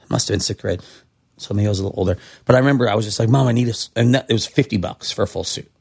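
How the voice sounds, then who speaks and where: A middle-aged man from Santa Cruz telling animated stories as a podcast guest, jumping high in pitch when he quotes people. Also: rapid-fire, gravelly, husky. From Santa Cruz, California. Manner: animated, acts out quotes with big pitch jumps. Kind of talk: casual storytelling.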